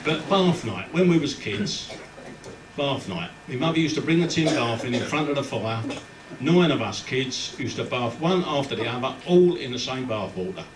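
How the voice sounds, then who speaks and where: A man's voice: mid-range voice, lively intonation, crowd noise. A man from London's East End, telling jokes as a stand-up comedian in short, clipped phrases on a club stage. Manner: brisk punchline delivery in short clipped phrases. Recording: roomy, distant live club recording with background noise.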